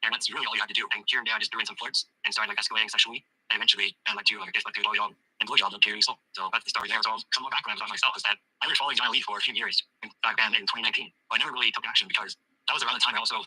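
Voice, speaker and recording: Fast-rambling young man, husky voice. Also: fairly low pitch, no room sound, rough recording. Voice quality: husky, monotone. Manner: fast, filler-heavy rambling with many restarts. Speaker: coaching client giving a testimonial.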